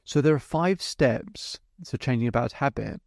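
A man's voice: mid-range voice, normal speed, creaky, darkish tone, no room sound, clean studio sound. A man hosting a podcast as a hypnotherapist, telling a client's story in vivid detail and acting out both sides of the conversation. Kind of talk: storytelling monologue.

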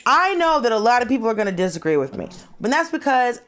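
A woman co-hosting a comedy podcast, arguing in a brash, animated way and swearing freely. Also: a little high, fast. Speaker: podcast co-host. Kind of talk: casual comedic debate.

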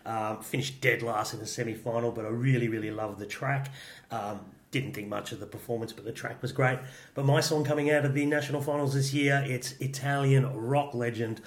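A man co-hosting a podcast in a matter-of-fact, dryly understated way. His voice sits at a middle pitch for a man. The room gives the recording a roomy echo. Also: fairly even intonation, a little fast. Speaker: podcast co-host. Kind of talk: casual chat.

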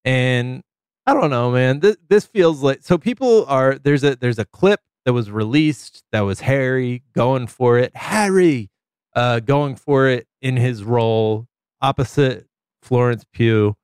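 A man's voice: medium pitch, lively intonation, a little slow, darkish tone, smooth, dry recording, clean studio sound. A man co-hosting a podcast, chatting and riffing animatedly, swearing freely. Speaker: podcast co-host. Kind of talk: casual chat. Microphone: studio mic.

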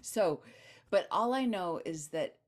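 A woman guest author in an interview, telling a personal story in an animated way, laughing and acting out the voices of others. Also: on the low side, slow pace.

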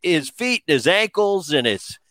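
A man's voice: fairly high pitch, sing-song, measured pace, fairly bright tone, a little hiss or hum. A man hosting a casual interview, chatting and reminiscing with his guest. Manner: chatty, reminiscing, laughs along. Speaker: host.

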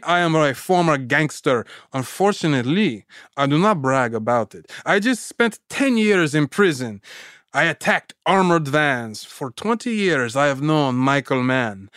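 A man's voice: on the high side, a bit bright, no room sound, studio quality. A man voicing a self-assured French bank robber in a mock French accent, quoting him in the middle of a podcast chat. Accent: French, put on.

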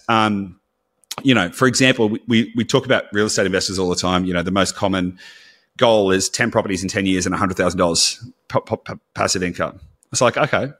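A man's voice: on the low side, a bit bright, slightly rough. A man co-hosting a podcast in casual chat, candid and blunt, with casual swearing. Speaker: podcast co-host.

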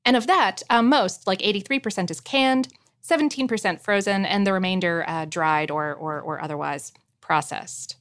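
A woman co-hosting a podcast in casual chat, reading out facts with lots of ums and gentle amusement. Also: mid-range voice, normal speed, no echo, studio quality. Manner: chatty, many fillers, gently amused. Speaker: podcast co-host.

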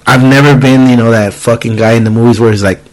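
A man's voice: medium pitch, fairly even intonation, fast talker, rough recording. Casual swearing man telling a story. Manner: storytelling, swears freely, acts out quoted voices. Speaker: podcast host. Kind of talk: casual chat.

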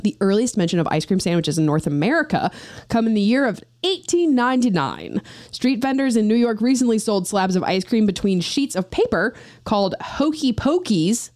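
A woman hosts a casual podcast chat, reading facts aloud and breaking off into playful jokes. Her voice sits at a middle pitch. The recording is close and dry. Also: big pitch swings, normal speed, darkish tone, dry recording. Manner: playful, reads facts aloud with jokey asides. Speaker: podcast co-host.

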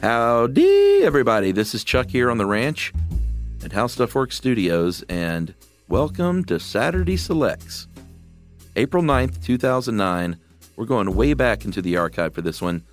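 A man hosting a podcast, giving a folksy, playful introduction with drawn-out words. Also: on the low side, expressive, faint music behind. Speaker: podcast host. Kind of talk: casual show intro.

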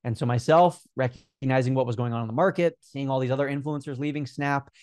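A man's voice: mid-range voice, fast, no room sound. Earnest young man, dry close sound. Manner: energetic, earnest, many fillers. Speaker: guest, Instagram growth coach. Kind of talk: casual interview talk.

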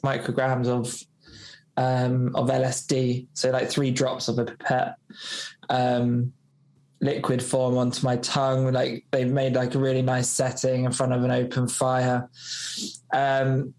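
A man's voice: mid-range voice, completely flat delivery, unhurried, darkish tone. A man, a podcast guest, telling a personal story in a loose, rambling way, full of fillers and acted-out dialogue. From United Kingdom. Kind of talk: storytelling in a casual interview.

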